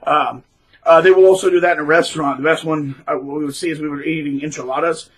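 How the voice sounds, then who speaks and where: A man talking casually to camera in a rambling, animated way, with frequent restarts. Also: a little high, quick pace, poor audio. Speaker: middle school teacher, vlogger.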